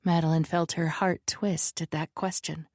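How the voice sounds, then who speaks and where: Woman reading an audiobook, lowish voice, dead dry sound, close mic. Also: no room sound. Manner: measured, even storytelling. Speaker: audiobook narrator. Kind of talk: scripted narration.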